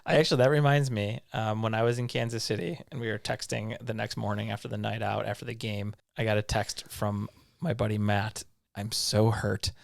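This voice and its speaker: A man's voice: fairly low pitch, fairly even intonation, brisk, gravelly, no room sound, studio quality. A man co-hosting a podcast, chatting in a laid-back way and laughing a lot. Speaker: podcast co-host. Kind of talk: casual chat.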